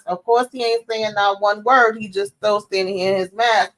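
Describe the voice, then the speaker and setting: A woman casually recapping a TV series episode in a slangy, profane, animated way, often acting out the characters' lines. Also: medium pitch, normal speed, hardly any pauses.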